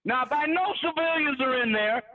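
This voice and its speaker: A combative man argues over a tinny phone line, his voice pitched very high. He lectures in military terms and sounds distant from the mic. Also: brisk. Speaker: caller. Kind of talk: heated call-in argument.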